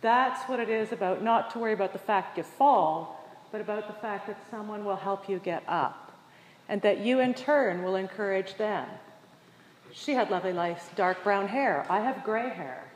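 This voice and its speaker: A woman preaches a sermon at a mid pitch and tells her story with lively voices for the people in it. Her voice rings through an echoey hall with a long reverb tail. A faint room ambience sits underneath. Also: moderate pace. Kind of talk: sermon with personal anecdote.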